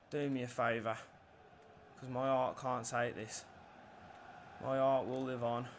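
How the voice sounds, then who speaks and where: A young man commentating his own football video game match, nervy and swearing, bursting into shouts at big moments. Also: on the high side, a little hiss or hum. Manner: nervous, swearing, erupting into shouts at goals. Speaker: gaming YouTuber. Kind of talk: live gameplay commentary.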